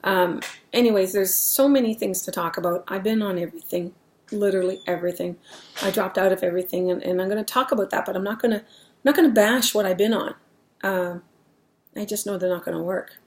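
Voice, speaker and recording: A woman's voice: mid-range voice, steady tone, a little fast, a little mellow, a little hiss or hum. A middle-aged woman talking candidly in a casual vlog at home, rambling and restarting her sentences as she goes. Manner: rambling, candid, self-interrupting. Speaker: vlogger.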